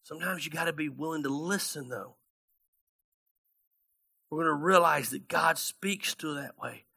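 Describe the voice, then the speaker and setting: Guy pastor preaching, bright voice, sits kinda high, gets really animated telling bible stories. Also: moderate pace, vocal fry, slightly rough. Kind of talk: sermon.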